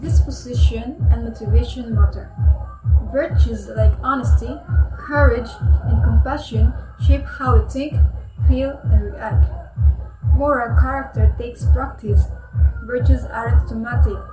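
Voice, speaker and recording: A woman presenting a school lesson, reading a scripted explanation in a steady, plain tone. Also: a little high, a little slow. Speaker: student presenter. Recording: echoey, far from the mic, music behind.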